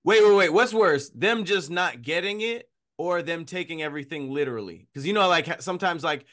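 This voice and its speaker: Bright, forceful man, animated panelist, jokey. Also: on the high side, fairly quick. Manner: animated, joking, asks pointed questions. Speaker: podcast panelist. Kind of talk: casual podcast chat.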